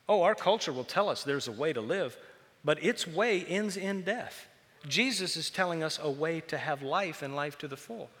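A man with a high, bright voice preaches to a congregation, animated and joking as he tells stories. The sound carries a long reverb from a large church hall. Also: moderate pace. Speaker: pastor. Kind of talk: sermon.

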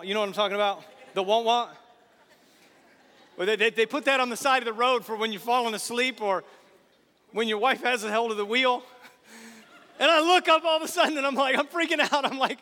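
A man's voice: high voice, fairly quick, in a large hall. A man preaching a sermon in a church, telling stories animatedly and speaking directly to the congregation. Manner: animated storytelling with asides to the congregation. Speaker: pastor. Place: church sanctuary.

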